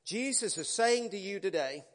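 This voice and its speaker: A male pastor preaching a sermon emphatically, swinging from loud declarations to hushed words. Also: sits high, lively intonation, moderate pace, long reverb tail.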